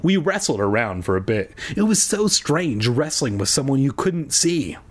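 A tipsy man reads a children's story aloud, his voice swinging lively up and down in pitch. He keeps breaking into irreverent, crude jokes and swearing between passages. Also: normal speed. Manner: irreverent, jokey, swears freely. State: tipsy from drinking. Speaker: reader. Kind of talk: reading a children's book aloud with crude comic asides.

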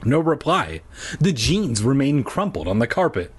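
A man reading a children's spooky book aloud, with deadpan comic asides in between. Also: medium pitch, normal speed, slightly rough. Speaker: comedic reader.

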